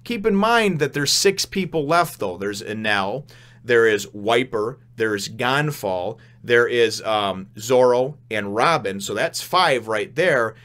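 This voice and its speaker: A man's voice: medium pitch, expressive, slow, fairly bright tone. A man giving a casual review of a manga chapter, rambling and candid, with frequent restarts.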